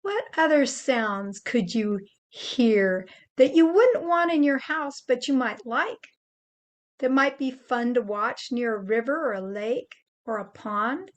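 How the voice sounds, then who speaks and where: An older woman gently teaching children how to make animal sounds, explaining each step patiently. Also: a little high, lively intonation, takes it slowly. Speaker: children's presenter.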